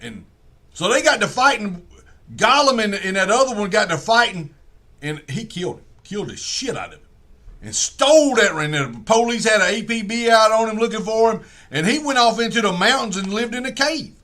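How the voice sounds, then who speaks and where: High, bright-voiced man rambling. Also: expressive, a little fast. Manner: folksy, profane, digressive storytelling. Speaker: comedian. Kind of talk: rambling comic monologue.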